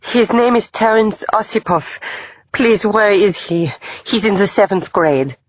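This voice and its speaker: A woman's voice: medium pitch, a little slow, lo-fi sound, natural voice. A woman playing a pleading Russian-accented mother. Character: anxious wealthy mother, middle-aged woman.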